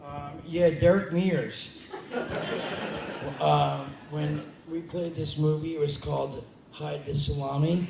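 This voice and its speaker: A man's voice: fairly high pitch, fairly even intonation, slow, vocal fry, crowd noise. A man answering audience questions at a convention panel, rambling, joking and swearing freely. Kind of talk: casual audience Q&A. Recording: echoey hall with background noise.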